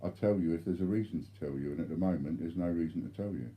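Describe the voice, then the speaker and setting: A man's voice: deep voice, fast, lo-fi sound. A man replying bluntly to viewer chat during a live stream, swearing freely.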